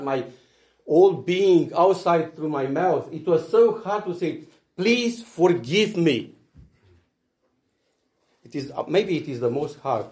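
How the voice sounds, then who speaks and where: A man preaching a sermon earnestly, swinging between loud emphasis and hushed asides. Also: fairly high pitch. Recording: echoey room.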